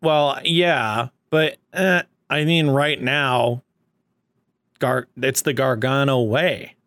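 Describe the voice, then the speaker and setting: A man's voice: medium pitch, slow pace, a bit bright, no room sound. Guy laying out a story play by play, dry close sound, acting out the quotes. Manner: lays out scenarios step by step, acting out quotes. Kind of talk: casual wrestling fantasy-booking chat.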